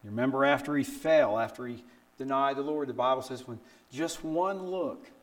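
Older male preacher telling stories animatedly. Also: normal speed. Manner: animated storytelling with rhetorical questions; acts out quotes with big pitch jumps. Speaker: pastor. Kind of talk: sermon.

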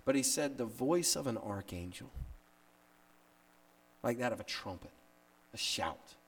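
A man pastor preaching a sermon in an earnest way, often repeating words and slowing down on key phrases. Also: mid-range voice, animated.

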